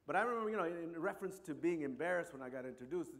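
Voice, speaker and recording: A man's voice: fairly high pitch, expressive, rapid-fire. A man from Compton with a Chicano English accent, telling a personal story in a rambling way with many asides. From Compton, California. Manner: warm, rambling, many asides like "you know" and "right". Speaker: speaker.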